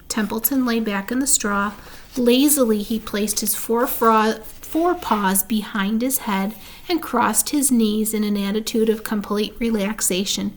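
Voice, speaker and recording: A woman's voice: on the high side, fairly even intonation, moderate pace. Woman reading a storybook aloud. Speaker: reader.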